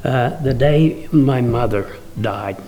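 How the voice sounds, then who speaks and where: A man slowly and carefully recalling a moment with his father. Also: medium pitch, mellow, faint music behind. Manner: slow, measured, emotional recollection. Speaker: son remembering his father. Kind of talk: interview.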